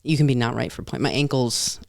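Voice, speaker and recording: A young woman talks loosely as a guest on a podcast, circling her point with plenty of "like" and self-corrections. Her voice carries a gravelly, fried texture, and the sound is close and dry with little room around it. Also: rumbling low, steady tone, fairly quick, dry recording. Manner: rambling, full of "like" and restarts. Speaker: stand-up comedian, podcast guest. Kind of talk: casual chat.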